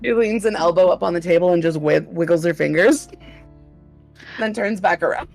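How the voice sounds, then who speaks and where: A woman's voice: fairly low pitch, normal speed, vocal fry, a little mellow, soft background music. A woman playing a tabletop game, blunt and casual. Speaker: player.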